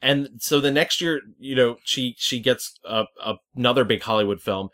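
Podcast guy running through a filmography, bright voice, chatty. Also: mid-range voice, moderate pace. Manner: chatty, recounting career facts. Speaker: podcast co-host. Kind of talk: casual film chat.

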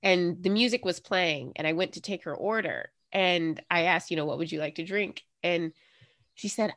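With a brisk delivery and a fairly bright tone, this low-leaning female voice belongs to a podcast co-host in easygoing conversation. She's inquisitive, keeps asking questions, and tells stories about her own experiences.

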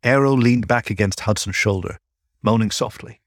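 Low-voiced male story narrator. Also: moderate pace, dry recording, clean studio sound. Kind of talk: audiobook-style story narration.

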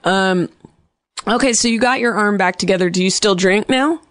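A woman hosts a comedy call-in show. She teases her callers with crude jokes and a dry, deadpan delivery. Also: mid-range voice, normal speed, slight background noise. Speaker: podcast host. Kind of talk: casual comedic phone-in chat.

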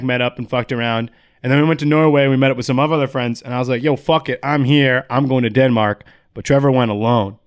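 A man's voice: medium pitch, clean tone. Young guy, laid-back, swears a lot; casual podcast storyteller.

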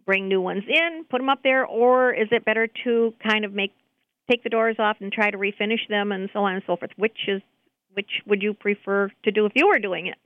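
A woman's voice: mid-range voice, fairly quick, no room sound, narrow, tinny audio. A woman from Indiana calling into a radio show, out of breath and giggling as she asks her question. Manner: giggly, chatty. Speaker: caller.

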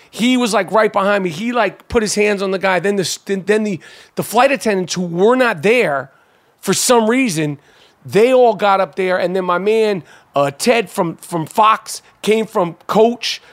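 A podcast host with a high male voice shares a story, relaxed and lively, cursing without restraint. His speech is full of filler words and false starts.

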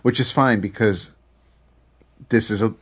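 A man's voice: fairly low pitch, a little slow, a bit bright, breathy edge, lo-fi sound. A man co-hosting a casual podcast chat from home, rambling and hesitant with frequent restarts. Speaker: podcast co-host. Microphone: home mic, moved around.

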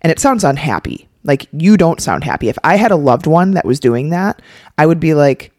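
A woman's voice: sits low, very animated, normal speed, a little mellow, no room sound, clean studio sound. A woman co-hosting a podcast, talking emphatically and casually, with lots of filler "like"s. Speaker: podcast co-host. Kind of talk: casual coaching chat.

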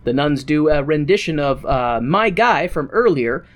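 A podcast host casually recapping a film, animated and a bit profane. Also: mid-range voice, normal speed. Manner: animated, profane, laughs often.

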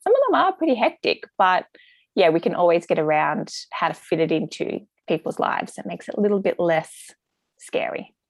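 A woman's voice: on the low side, lively intonation, normal speed, no echo. A woman, a gut health practitioner explaining things in a chatty interview with lots of fillers. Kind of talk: casual interview answers.

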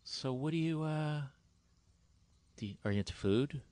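A man hosting a podcast, relaxed and curious, asking lots of questions. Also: fairly high pitch, normal speed, smooth, no echo. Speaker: podcast host. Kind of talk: casual chat.

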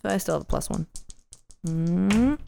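A woman playing a tabletop role-playing game thinks aloud in a hesitant way. Her voice sits low and has a gravelly fry. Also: lively intonation, a little slow, mellow, a little hiss or hum. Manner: hesitant, lots of restarts and fillers. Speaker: player. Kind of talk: casual tabletop play.

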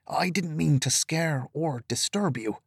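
A man voicing a polite male traveller who speaks softly and courteously. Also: on the high side, measured pace, vocal fry, breathy edge, no room sound, studio quality, pitched above the performer's own voice, heavily acted. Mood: hushed polite. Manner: soft, hushed and courteous.

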